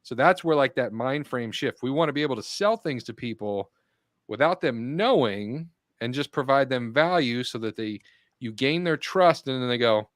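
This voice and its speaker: A man of middle pitch lays out his points plainly and steadily on a round-table podcast. The sound is dry and close. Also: normal speed, no room sound. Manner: explains marketing points in a steady, matter-of-fact way. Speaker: podcast co-host. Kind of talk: casual round-table chat.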